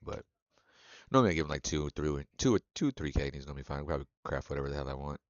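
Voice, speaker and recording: A man's voice: extremely low pitch, expressive, very fast, dry recording, lo-fi sound. A man streaming a game and chatting casually with viewers, loose and profane, laughing often. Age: adult. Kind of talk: casual live-stream chat.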